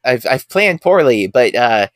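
A man's voice: medium pitch, very animated, unhurried, no echo, clean studio sound. A man co-hosting a podcast, chatting casually and rambling with restarts. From United States. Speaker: podcast co-host.

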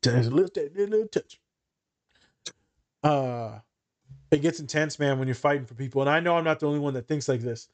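Man, podcast host, casual chat, blunt and profane, animated storyteller. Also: fairly high pitch, a little fast, pauses often. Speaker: podcast host and social worker.

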